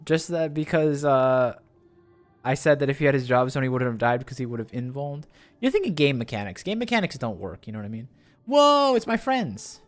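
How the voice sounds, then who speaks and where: A man streaming a game live, chatting excitably and rambling with restarts, his voice jumping up on exclamations. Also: a little fast, soft background music. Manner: excitable, jumps up in pitch on exclamations. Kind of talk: live gameplay commentary.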